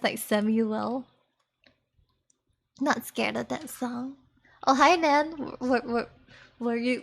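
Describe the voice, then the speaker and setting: A young woman streamer chatting casually with viewers between karaoke songs, giggly and rambling. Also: a little high.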